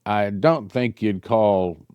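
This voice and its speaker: A male pastor reading a prophecy aloud to his congregation and commenting on it, growing louder on the quoted passages and musing in the asides. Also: lowish voice, takes it slowly, clean tone, dry recording, muffled recording. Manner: animated, rising loud when reading quotes, musing asides.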